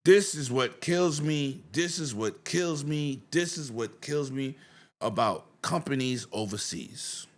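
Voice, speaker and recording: A man's voice: fairly high pitch, animated, unhurried. A man hosting a casual gaming livestream, ranting with profanity and greeting viewers in chat. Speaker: livestream host.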